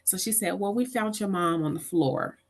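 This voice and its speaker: A middle-aged woman with a medium-pitched voice speaks at a moderate pace as an interview guest. She animatedly tells a personal caregiving story, acting out the voices of the people in it.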